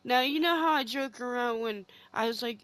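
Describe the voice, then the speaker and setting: Bright-voiced woman ranting profanely. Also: fairly high pitch, normal speed, dry recording, low-quality recording. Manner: profane, heated, rambling storytelling. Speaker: game streamer. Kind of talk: casual storytelling chat while gaming. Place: home game room.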